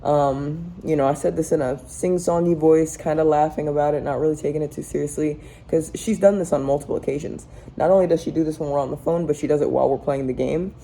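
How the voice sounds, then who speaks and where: A woman's voice: deep voice, fairly even intonation, quick pace, hardly any pauses, mellow, slight background noise, rough recording. A young adult woman chatting through a rambling storytime in her home kitchen while cooking, full of fillers. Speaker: family vlogger. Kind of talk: casual storytime chat.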